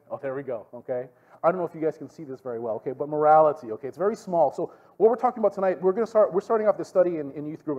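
On lo-fi audio, a man with a highish voice and a Hawaiian Pidgin-tinged accent leads a youth group as its pastor, telling stories with animation and checking in with the room through frequent "okay?" asides.

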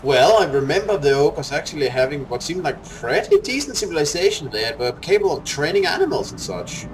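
A man's voice: a little high, sing-song, brisk, slight background noise. Easygoing man narrating a co-op game. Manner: easygoing, reads quest text aloud. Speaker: co-op game player. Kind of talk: casual let's-play chat.

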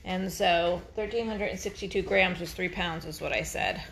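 A woman's voice: on the low side, fairly even intonation, normal speed, gravelly, a bit bright. A woman vlogging on her farm, chatting casually and cooing at her dogs in a singsong voice, laughing easily. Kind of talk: casual talk to dogs and camera.

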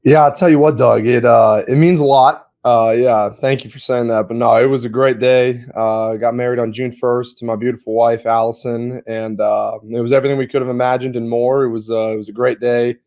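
A man's voice: mid-range voice, fairly even intonation, a little fast, hardly any pauses, a little mellow, no room sound, clean studio sound. A man who produces a podcast, talking in an earnest, heartfelt way with many fillers. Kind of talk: casual podcast chat.

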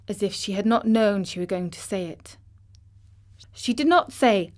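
A woman narrating a children's classic audiobook in a gentle, measured way. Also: medium pitch, expressive. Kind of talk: storybook narration.

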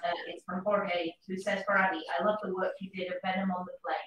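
A woman's voice: medium pitch, little pitch movement, quick pace, a bit bright. A woman hosting a Q&A, reading out viewer comments and thanking the askers. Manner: reading out comments, brief and friendly. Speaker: host reading viewer questions. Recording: distant, very echoey room with faint noise.

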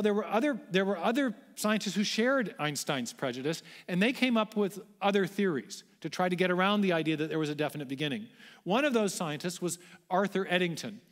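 A man giving an animated public lecture, telling the story with emphasis and asking the audience rhetorical questions. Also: high voice. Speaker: guest lecturer. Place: large church auditorium. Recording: long church-hall reverb.

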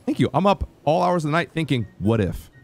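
A man's voice: a little high, animated, quick pace, creaky, soft background music. A man streaming a game with friends, laughing hard and teasing them in casual chat.

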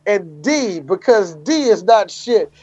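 A man's voice: high-pitched, lively intonation, takes it slowly, darkish tone, no echo, dull audio. A man co-hosting a casual podcast, emphatic and teasing, repeating himself for effect. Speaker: podcast co-host. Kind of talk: casual chat.

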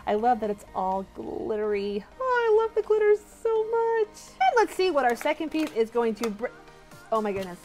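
A woman hosting a toy unboxing vlog, gushing and squealing with excitement, talking to viewers as "you guys". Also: sits high, normal speed, few pauses, soft background music.

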